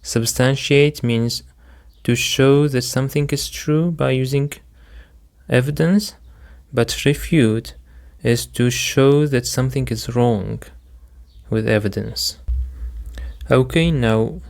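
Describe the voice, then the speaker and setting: A man's voice: medium pitch, slow pace, vocal fry, a little mellow. A man teaching vocabulary as a second-language speaker, repeating each word and walking through its stress, meaning, synonyms and example sentences step by step. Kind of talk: slow, methodical vocabulary lesson.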